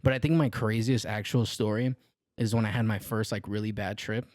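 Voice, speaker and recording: A man's voice: fairly low pitch, fairly even intonation, a little fast, darkish tone, no echo, clean studio sound. A young man co-hosting a podcast, telling a long story in a casual, rambling way full of filler words. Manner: laid-back, rambling, heavy use of filler "like". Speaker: podcast co-host.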